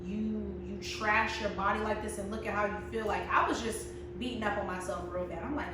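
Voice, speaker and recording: A young woman in her twenties telling a casual, animated story as a vlogger, often laughing and acting out her friends' lines. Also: mid-range voice, fairly quick, hardly any pauses, background noise. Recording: very echoey room, mic at a distance.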